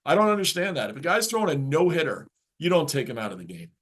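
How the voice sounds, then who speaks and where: A man's voice: on the high side, sing-song, fast, fairly bright tone. A man hosting a live sports reaction stream from his basement, ranting casually and reading viewer chat aloud.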